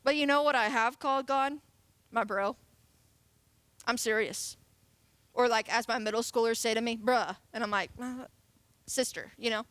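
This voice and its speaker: A woman's voice: a little high, steady tone, normal speed, pauses often, a bit bright, clean tone, no room sound. A woman in her late twenties giving a casual, playful sermon as a youth pastor. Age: 20s. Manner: casual, chatty and playful, laughing often.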